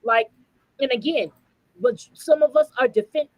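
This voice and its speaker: A woman's voice: high voice, normal speed, no room sound, low-quality recording. A woman podcast co-host, giving blunt, profane, fired-up commentary. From United States. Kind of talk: heated commentary.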